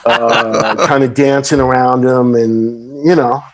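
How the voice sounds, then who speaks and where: A man's voice: medium pitch, slow, a little hiss or hum. A middle-aged man, a podcast guest, telling stories in casual chat and animatedly acting out the people he quotes. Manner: animated, acts out quoted voices. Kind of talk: casual storytelling.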